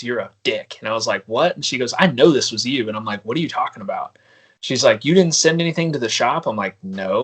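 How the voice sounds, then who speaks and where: A man's voice: medium pitch, a bit bright. Laughing, storytelling man on a podcast. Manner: laughing, storytelling, acts out quoted voices. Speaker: podcast guest. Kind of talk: casual podcast chat.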